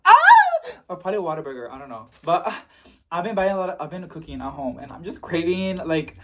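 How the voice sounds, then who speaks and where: A man's voice: fairly high pitch, fast. A young man chatting in a casual unboxing vlog, bubbly and gushing. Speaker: plant vlogger.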